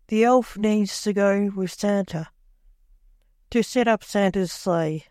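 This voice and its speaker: A narrator voicing a stern, disgusted Grim Reaper king, a grown man, snapping at his son in a slow, low-key storybook reading. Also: a little mellow, dry recording, clean studio sound, lightly acted. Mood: disgusted scolding.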